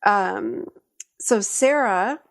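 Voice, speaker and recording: A woman co-hosting a podcast, talking excitedly and rambling a little, with frequent "um" fillers as she introduces a guest. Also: medium pitch, drawn-out words, gravelly, slight background noise. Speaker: podcast co-host. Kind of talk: podcast conversation.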